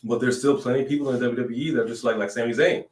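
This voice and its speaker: Animated man talking wrestling, echoey room. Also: medium pitch, rapid-fire, far from the mic. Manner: animated, sings jokingly, reads in a newscaster voice. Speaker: podcast co-host. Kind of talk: casual wrestling chat.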